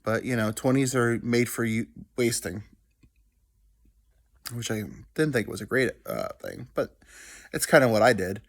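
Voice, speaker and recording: A man's voice: mid-range voice, expressive, gravelly. A young adult man hosting a show, telling a rambling, self-deprecating story in casual monologue. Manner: rambling, self-deprecating, quotes people in quick asides. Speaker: podcast host.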